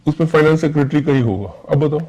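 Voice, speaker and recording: A man's voice: fairly high pitch, rapid-fire, darkish tone, poor audio. Indian male teacher lecturing a class. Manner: checks understanding with repeated questions.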